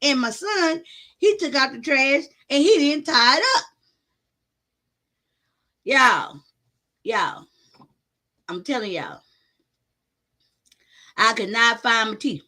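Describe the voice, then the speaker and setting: A woman hosting a casual livestream from her home on her phone, telling a story to her chat in an animated, loud and profane way. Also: sits high, takes it slowly, pauses often. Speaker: livestream host.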